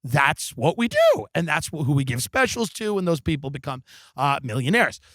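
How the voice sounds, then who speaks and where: A man doing a comedic monologue rant, sardonic and theatrical, with plenty of swearing. His voice sits a bit high for a man, close and dry on the mic. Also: wildly swooping pitch, moderate pace, fairly bright tone, no echo. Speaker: podcast host. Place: backyard of a rental house. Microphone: studio microphone.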